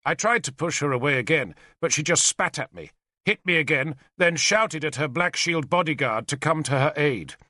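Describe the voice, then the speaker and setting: A man narrating an audiobook in the first person with a measured storytelling cadence. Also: on the high side, pushed and bright, dry recording, studio quality.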